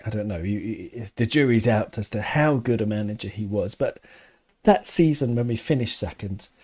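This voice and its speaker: A man's voice: lowish voice, animated, normal speed, darkish tone, breathy edge. A man hosting a live fan stream, chatting loosely and thoughtfully, with frequent restarts and chuckles while reading viewer comments. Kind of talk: casual live-stream chat.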